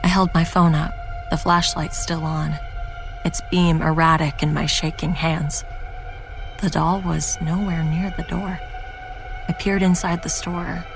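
A woman's voice: deep voice, creaky. A woman narrating a first-person horror story in a tense, scripted storytelling manner. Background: music.

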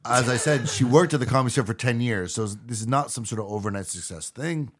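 A man's voice: mid-range voice, quick pace. A man co-hosting a podcast in casual chat, rambling loosely and chuckling as he talks. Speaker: podcast co-host.

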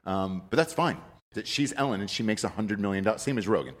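A man's voice: lowish voice, animated, fast talker. A man hosting a casual chat, rambling and hesitant with profane asides.

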